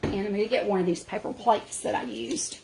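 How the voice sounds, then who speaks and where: Steady in tone and a bit quick, this mid-range female voice belongs to a cooking show host demonstrating dishes in her small cabin kitchen. She chats in a homey, casual way, calling everyone "y'all," against an echoey room with clear background noise.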